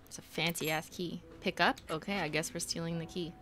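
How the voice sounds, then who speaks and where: A woman's voice: fairly low pitch, fairly even intonation, fairly quick, a bit bright, slight background noise. A young woman streaming a game live, chatty and giggly, swearing freely and slipping into joke voices. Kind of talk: casual live gameplay commentary.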